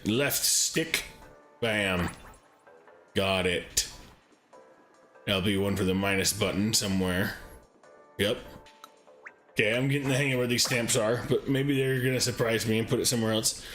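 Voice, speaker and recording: A man's voice: on the low side, normal speed, long pauses, fairly bright tone, soft background music. A man hosting a live game playthrough who reads the on-screen text aloud and breaks in with joking asides to himself. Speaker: streamer, show host.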